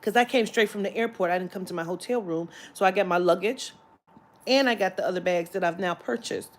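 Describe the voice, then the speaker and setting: A woman's voice: medium pitch, a little fast. Brief: woman vlogger, storytime, swearing freely, exasperated, phone-camera sound. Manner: animated, profane, exasperated storytelling. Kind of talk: storytime vlog. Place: shopping area.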